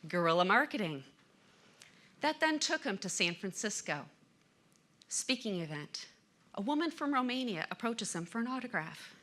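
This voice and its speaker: A woman's voice: medium pitch, bright, forceful tone. A middle-aged woman giving an inspirational stage talk, telling stories dramatically with emphatic swells. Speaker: motivational speaker.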